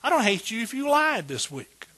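A man's voice: very high voice, sing-song, moderate pace, bright, forceful tone, husky. A man preaching a sermon as pastor, folksy and joking, building to emphatic bursts.

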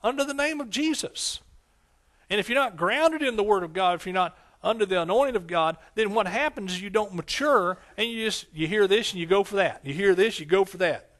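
Male pastor, high voice, emphatic preaching with call-and-response. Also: expressive, fairly quick, fairly bright tone. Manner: repetitive, emphatic phrasing. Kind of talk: sermon.

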